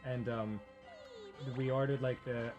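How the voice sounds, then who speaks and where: A man's voice: medium pitch, fairly even intonation, measured pace, a little mellow, lo-fi sound, soft background music. A man co-hosting a casual chat, telling a story in a rambling way full of fillers, restarts and laughter. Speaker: podcast co-host.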